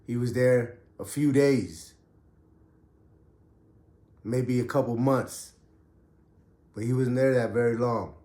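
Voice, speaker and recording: A man's voice: medium pitch, steady tone, slow, pauses often, warm tone, echoey room. A man casually telling a story from his prison days in street slang, getting over a cough. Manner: street slang, loose and conversational. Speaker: podcast host and ex-prisoner.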